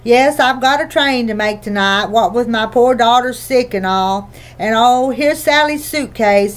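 A woman's voice: fairly high pitch, close to an everyday voice. A woman voicing a kindly, sentimental, chatty older woman in an audiobook reading. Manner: chatty and motherly.

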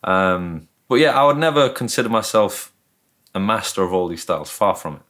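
A man with a northern English accent talks as an interview guest in a fairly low voice. He rambles in a relaxed way and plays down his own skill. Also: moderate pace. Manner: modest, self-deprecating, rambling. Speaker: guest guitarist. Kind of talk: casual interview chat.

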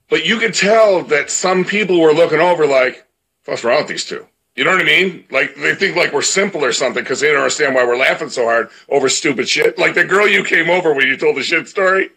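A man's voice: on the high side, gravelly, sharp tone, slightly rough, low-quality recording. A man co-hosting a live show in casual chat who laughs easily and backs up his partner. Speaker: co-host.

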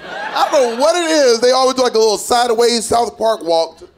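A man performing a stand-up comedy set, animated and sassy, with lots of profanity. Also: very high voice, a little fast, slight background noise. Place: comedy stage before a live audience. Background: faint audience laughter.

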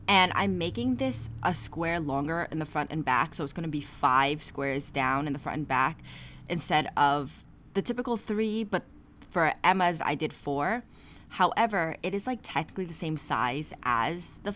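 A woman's voice: low-pitched, a bit bright, a little hiss or hum. A young woman chatting casually in a crafting vlog, rambling with many "like" fillers. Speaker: crochet vlogger. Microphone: camera mic, no clip-on.

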